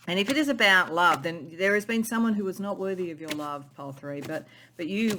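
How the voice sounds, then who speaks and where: Bright-voiced musing tarot reader. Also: mid-range voice. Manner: intuitive, musing, often repeats and restarts phrases. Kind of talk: pick-a-card tarot reading.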